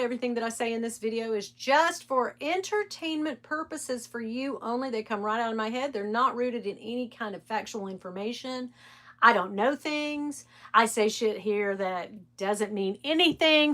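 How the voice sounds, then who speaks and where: A woman's voice: a little high, moderate pace, a bit bright. A middle-aged woman, hosting a casual live stream and chatting candidly, swearing freely and laughing often. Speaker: live stream host reselling designer bags.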